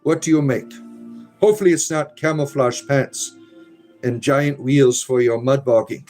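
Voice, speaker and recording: A man with a mid-range voice hosts a relaxed live stream, reading out comments and tossing off dry, wry asides. He drifts into low mutters between messages. Faint music plays in the background. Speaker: livestream host reading chat. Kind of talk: casual live-stream chat.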